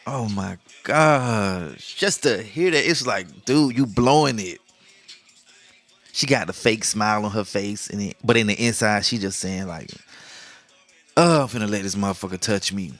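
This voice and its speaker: Podcast host, man, middle-aged, low voice, joking monologue. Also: unhurried, a bit bright, faint music behind. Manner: joking, laughs often, acts out quoted lines. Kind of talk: casual monologue.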